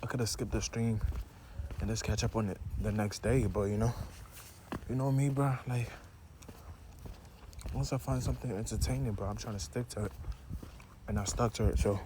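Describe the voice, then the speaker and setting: A man's voice: on the low side, normal speed, long pauses, warm tone. A young man vlogging in a casual, rambling way, chewing gum and filling his talk with "you know" and "like". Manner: chewing gum while talking. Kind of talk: casual vlog chat. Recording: faint background noise.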